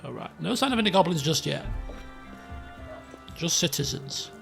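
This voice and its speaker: A man giving casual, chatty, excitable gameplay commentary as a let's play host at a desk microphone. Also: fairly high pitch, moderate pace, gravelly, soft background music. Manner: chatty, excitable, self-mocking.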